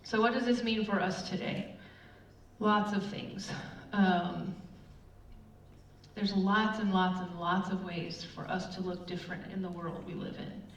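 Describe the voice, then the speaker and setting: A woman's voice: medium pitch, unhurried. Woman telling stories in a roomy hall. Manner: chatty, animated storytelling with many fillers. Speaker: church speaker. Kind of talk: casual sermon with personal stories. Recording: roomy, distant, dull with faint room noise.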